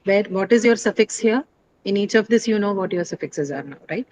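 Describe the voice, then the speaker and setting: A woman's voice: medium pitch, animated, brisk, a little mellow, low-quality recording. A woman teacher lecturing a class, explaining step by step with frequent fillers and tag questions. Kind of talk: classroom lecture on word stress.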